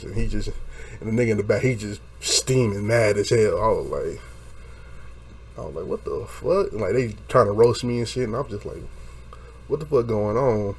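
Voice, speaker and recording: Animated, laughing young man telling a story. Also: lowish voice. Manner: animated, profane, laughing, acts out quotes. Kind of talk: casual storytelling chat.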